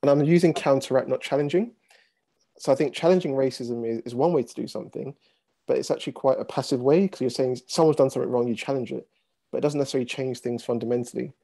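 A man's voice: mid-range voice, quick pace, vocal fry, mellow. A man chairing a discussion panel, putting a thoughtful question to a guest and reasoning it through aloud.

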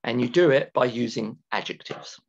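A man teaching an English grammar lesson to students, talking slowly and deliberately, repeating key words and stretching them for emphasis. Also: mid-range voice. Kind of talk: recorded classroom grammar lecture. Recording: dull lo-fi lecture recording with keyboard typing.

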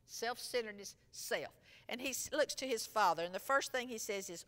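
A woman teaching a Sunday school lesson, retelling a parable in an expressive storytelling way. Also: on the high side, fairly quick. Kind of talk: Bible lesson. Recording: long echo from a large room.

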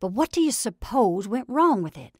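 A woman's voice: on the high side, very animated, moderate pace, darkish tone, breathy edge, no room sound, studio quality, voice pushed up. Brief: woman reader plays a middle-aged farm wife, earnest and direct, storybook reading. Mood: wondering.

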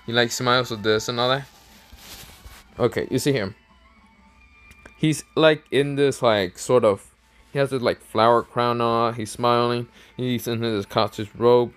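A man's voice: medium pitch, a bit bright. A man narrating a fan story casually, rambling with many fillers and self-corrections.

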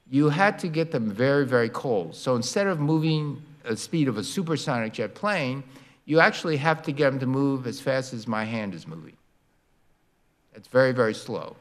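An older man giving a public university lecture, explaining science with animated sound effects and demonstrations. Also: mid-range voice. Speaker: guest lecturer. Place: lecture hall.

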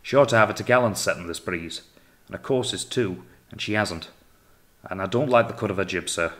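A man's voice: low voice, brisk, fairly bright tone. A man voicing a cautious, doubtful British sailor in an audiobook, speaking bluntly. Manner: doubtful, blunt seaman's talk.

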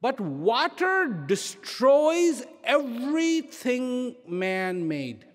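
Man giving a reflective talk, high animated voice, says things twice, long reverb behind him. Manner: slow, emphatic, repeats key phrases; drops to soft, trailing low phrases. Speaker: speaker.

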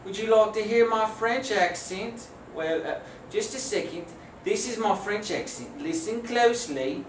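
A man hosting a goofy homemade comedy skit, taking his time with slow, deadpan back-and-forth lines. He sounds distant from the mic in an echoey room. A faint hiss of noise sits under the voice. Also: high-pitched. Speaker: comedy show host.

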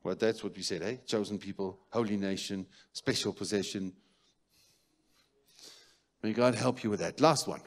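A man preaching a sermon in a church, moving between loud declarations and quiet murmurs. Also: on the low side, moderate pace, pauses often. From South Africa. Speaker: pastor.

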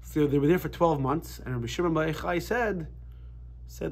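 Husky-voiced man teaching a casual Torah class. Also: on the high side, moderate pace. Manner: animated storytelling with frequent restarts.

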